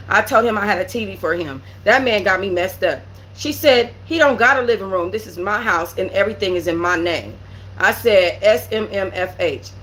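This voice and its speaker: A woman's voice: mid-range voice, fairly bright tone, poor audio. A woman hosting her own channel, telling a story in blunt, profane detail and acting out what each person said. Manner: acts out quoted dialogue. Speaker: channel host. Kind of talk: storytime commentary. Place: home setup with green screen.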